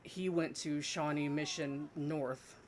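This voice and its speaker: A man's voice: a little high, fairly even intonation, takes it slowly, slight background noise. A man co-hosting a casual podcast chat, rambling with frequent fillers and restarts. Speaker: podcast co-host.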